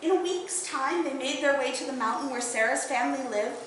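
A woman telling a fairy tale aloud to a live audience at a bardic gathering, in an expressive, lilting way. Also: sits high, fairly quick, a little hiss or hum. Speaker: storyteller. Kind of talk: oral storytelling at a bardic gathering. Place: indoor event hall, live audience. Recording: very echoey hall.

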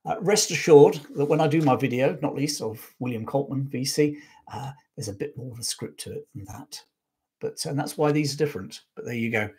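Husky man telling history live. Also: medium pitch, fairly quick, darkish tone. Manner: rambling, self-correcting storyteller with many fillers. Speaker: history show host. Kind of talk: live-stream history talk.

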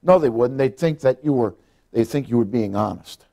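A man's voice: medium pitch, moderate pace, vocal fry, warm tone. A middle-aged man preaching a folksy sermon as pastor, acting out what people say. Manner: folksy preaching, acts out quotes.

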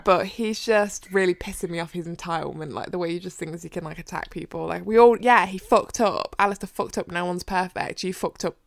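A woman co-hosts a podcast in a lowish voice, chatting about books in a gushing, animated way. She swears freely as she talks. The recording is dry and close, with no room sound. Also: brisk, vocal fry, hardly any pauses, no room sound. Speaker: podcast co-host. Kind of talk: casual book-discussion chat.

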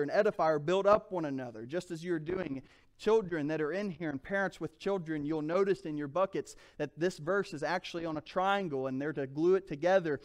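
A man preaching a sermon as pastor, reading scripture and calling out to the congregation. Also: on the high side. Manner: emphatic, calls out to the congregation.

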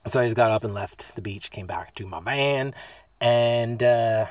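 A man's voice: mid-range voice, a little slow. A man from the US East Coast, telling a casual, rambling, profanity-laced story in a van-life vlog recorded on his phone inside a parked van. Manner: rambling, profane, laid-back.

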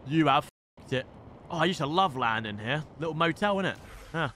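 A young man livestreams his gameplay, excitable and quick to curse at other players. His voice is high and bright with sharp, tense edges, and soft music plays in the background.

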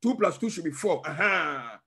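Male pastor, teaching sermon; fervent, repeats questions to the congregation, slips into tongues; husky timbre. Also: fairly high pitch, big pitch swings, moderate pace, pushed and bright. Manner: emphatic, with call-and-response questions; breaks into speaking in tongues.

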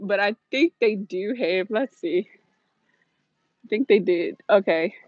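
A slow-paced American woman with a mid-range voice talks casually and somewhat scattered as she livestreams her shopping trip through a large store, laughing often. She holds the phone while walking, and the sound is dull and dry with no echo.

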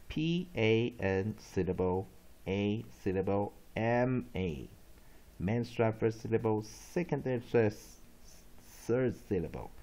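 Male phonics teacher; dark, mellow tone, repeats each word with emphasis. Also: on the low side, dull audio. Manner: repeats words slowly and emphatically, switching between Mandarin and English. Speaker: English pronunciation teacher. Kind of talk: pronunciation lesson, drilling syllables.

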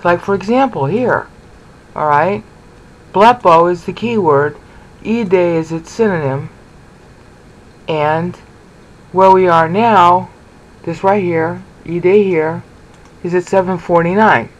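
A man teaching a lecture on scripture, animated, often repeating words and checking in with rhetorical questions. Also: high voice, takes it slowly, pauses often, rough recording. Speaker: Bible teacher.

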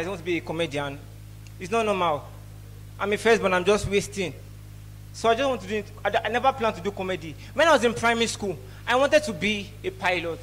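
A man with a Nigerian accent doing a lively stand-up set at an event, teasing the crowd and slipping into pidgin. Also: high voice. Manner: lively, mixes pidgin, teases audience. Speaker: stand-up comedian. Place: event hall.

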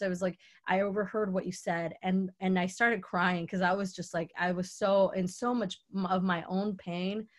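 A young woman from Mexico, an artist, telling a heartfelt personal story in a lecture Q&A over a video call. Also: medium pitch. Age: young adult. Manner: earnest, heartfelt, acts out quoted dialogue.

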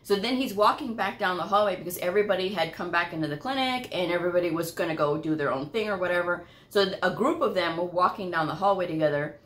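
A woman's voice: fairly low pitch, quick pace, hardly any pauses, a bit bright. A woman hosting her own channel, telling a workplace story in a chatty way, laughing often and checking in with her listeners. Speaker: medical coding channel host. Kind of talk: casual storytelling vlog. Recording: echoey room.

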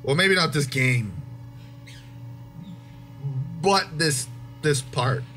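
Animated young man doing gameplay commentary. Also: on the high side, very slow. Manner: swearing, exasperated, joking. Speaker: gaming YouTuber.

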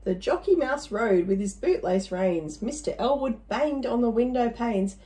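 A woman's voice: a little high, lively intonation, a little slow, dark tone, poor audio. A woman reading a rhyming children's story aloud, playful, with little asides to the listener.

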